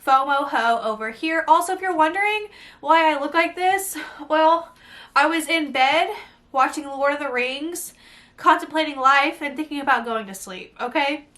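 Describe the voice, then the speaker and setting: A young woman, gushing breathlessly through an excited unboxing vlog. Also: sits high, normal speed. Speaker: beauty vlogger.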